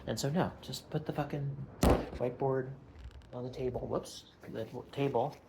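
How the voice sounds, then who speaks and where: A man's voice: medium pitch, fairly even intonation, normal speed, noisy background. A young man, very tired, talking through a rambling, self-mocking and profane casual vlog at home. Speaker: vlogger.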